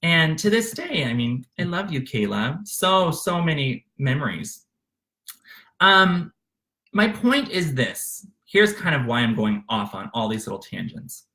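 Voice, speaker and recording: A man's voice: on the high side, big pitch swings, a little slow, bright, forceful tone. A man from Arkansas narrating his memoir off the cuff, candid and emotional, with plenty of fillers and restarts. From Arkansas, USA.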